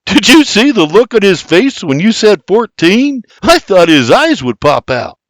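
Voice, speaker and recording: An eager young farmhand who whoops and gushes, voiced by a man in an audiobook. He is pitched noticeably higher than a grown man's talk and leaps about in tone. The sound is dry and close. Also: very animated, unhurried, no echo. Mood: excited.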